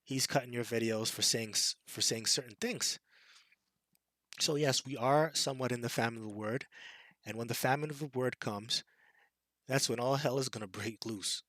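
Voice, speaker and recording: Fiery male street preacher, forceful bright tone, taunting delivery, dry close sound. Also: medium pitch, moderate pace, dry recording. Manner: fiery and taunting, with scornful impressions and laughs. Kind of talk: scripture sermon.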